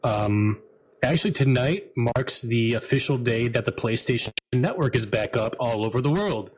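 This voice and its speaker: A man hosting a casual group podcast, easygoing and quick to laugh as he introduces the guests. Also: medium pitch, expressive, slight background noise, low-quality recording. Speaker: podcast host.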